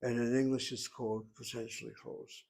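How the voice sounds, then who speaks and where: A man's voice: mid-range voice, flat delivery, a little fast, vocal fry, a little mellow. Methodical man teaching Hebrew grammar. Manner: methodical, explains pronunciation step by step; thinks aloud with rhetorical questions. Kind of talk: recorded lesson lecture.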